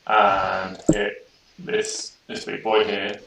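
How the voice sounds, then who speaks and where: A man's voice: on the low side, animated, extremely slow, gravelly, far from the mic. A man playing in a tabletop game, talking casually and swearing now and then. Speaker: player. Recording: roomy sound, away from the mic, faint noise.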